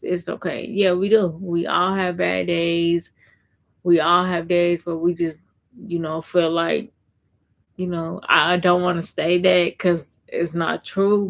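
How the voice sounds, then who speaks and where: Creaky-voiced woman vlogger. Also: lowish voice. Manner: rambling and repetitive, heavy fillers. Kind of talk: casual live-stream chat.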